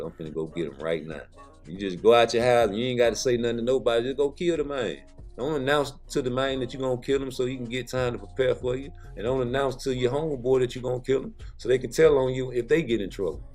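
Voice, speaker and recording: A man's voice: mid-range voice, darkish tone. A man giving a casual vlog monologue in blunt, profane street talk. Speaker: vlogger.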